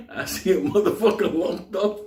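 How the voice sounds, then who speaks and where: A man's voice: high voice, a little slow, noisy background. A man telling a wild story casually, laughing and swearing often as he goes. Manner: profane, laughing, animated storytelling. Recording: echoey room.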